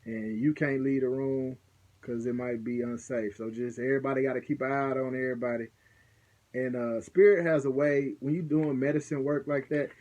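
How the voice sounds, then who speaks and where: A man's voice: medium pitch, a little mellow. A young man with a mid-range voice tells a personal story in a loose, conversational way. He rambles a little and keeps checking in with the listener as he goes. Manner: loose and conversational, peppered with "you know what I'm saying". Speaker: vlogger recounting a ceremony. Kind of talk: casual storytelling.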